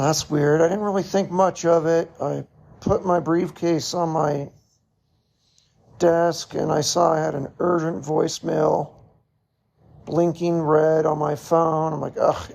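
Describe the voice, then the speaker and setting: A middle-aged man hosting a podcast, telling a personal story in a slow, reflective way with short laughs. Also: fairly high pitch, a little mellow. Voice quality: gravelly, husky. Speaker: podcast host.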